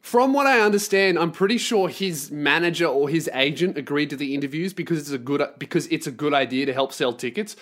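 Brief: young man, solo podcast storyteller, sweary, slightly high voice, quick. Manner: sweary, animated, acts out dialogue. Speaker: podcast host. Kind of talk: casual storytelling. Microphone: podcast microphone.

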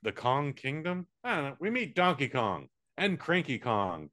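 An American man co-hosting a podcast, reviewing a movie in casual, profane chat with quick silly voices. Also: mid-range voice, very animated, sharp tone. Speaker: podcast co-host.

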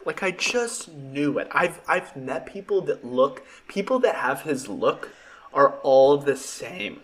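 A man's voice: a little high, animated, unhurried, a bit bright. Man, young adult, podcast host, casual chat, blunt, profane, joking.

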